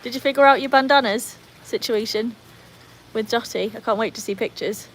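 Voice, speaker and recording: A woman's voice: a little high, a little fast, slight background noise, rough recording. Chatty British woman on a home livestream. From Britain. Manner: chatty, reads out viewer comments, talks to her dogs. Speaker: livestream host. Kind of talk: casual livestream chat. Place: home with her dogs.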